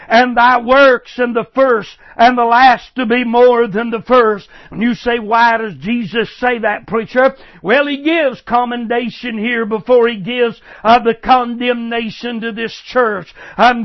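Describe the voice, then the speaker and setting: An older male preacher delivers a fervent sermon in a strikingly high voice, speaking slowly and deliberately. He keeps calling out to his listeners with "listen" and "friend". The recording is dull and lo-fi.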